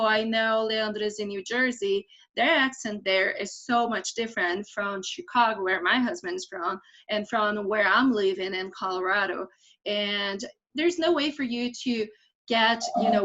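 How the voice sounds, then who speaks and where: A woman from Brazil, Portuguese-speaking by birth, chatting casually in a class and telling lively stories. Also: mid-range voice, moderate pace. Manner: lively storytelling, laughs at herself. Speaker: class participant. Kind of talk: casual chat. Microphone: video call. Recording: dull lo-fi video call audio.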